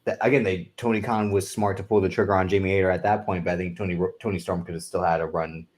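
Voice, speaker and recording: A man's voice: low voice, steady tone, fast. A man co-hosting a podcast, giving opinionated, rambling takes on wrestling, with some swearing. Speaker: podcast co-host. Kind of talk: casual podcast chat.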